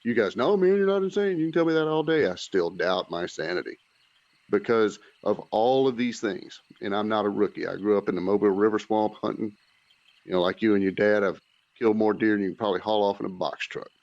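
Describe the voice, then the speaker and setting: A man's voice: fairly low pitch, steady tone, a little fast, darkish tone. A man, a podcast guest, talking intensely and searchingly, doubting himself as he goes. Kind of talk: casual chat. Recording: dry, dull lo-fi line.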